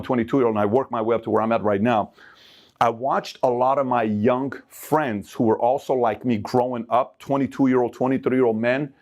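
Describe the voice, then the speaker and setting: A middle-aged man from Iran giving a motivational talk of life advice, emphatic and animated, acting out the people he quotes. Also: medium pitch.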